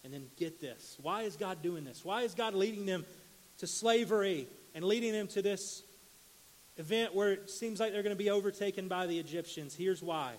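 A man preaching a sermon, walking through Bible stories and reading scripture aloud with animated emphasis. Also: moderate pace, long reverb tail. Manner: animated reading of scripture, rises in pitch and volume for quoted cries.

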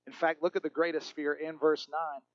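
High-voiced earnest male preacher. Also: little pitch movement, brisk, lo-fi sound. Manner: earnest, often drops to a low hush for emphasis. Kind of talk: sermon.

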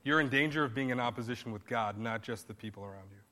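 A man's voice: mid-range voice, quick pace, pushed and bright, big-room sound, slight background noise. A man pastor preaching a sermon in a conversational style, rising now and then to emphatic bursts.

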